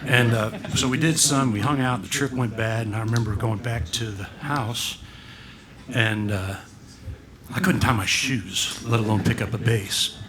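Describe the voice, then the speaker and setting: A man, a bass player, telling a meandering, laughing anecdote on a small pub stage. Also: unhurried, crowd noise. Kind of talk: rambling spoken anecdote. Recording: noisy live bar recording.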